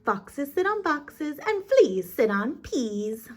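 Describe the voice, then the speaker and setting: A woman voicing a bossy, matter-of-fact cat in a picture book, speaking slowly and insistently. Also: sits high, big pitch swings, pitched above the performer's own voice, heavily acted. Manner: insistent, lays down rules.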